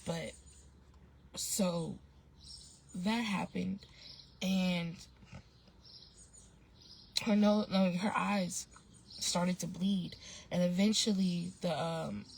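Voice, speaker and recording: A woman's voice: on the low side, steady tone, drawn-out words, vocal fry, pauses often, a little hiss or hum. A woman vlogger telling a story in a casual, slangy way, rambling with restarts and fillers.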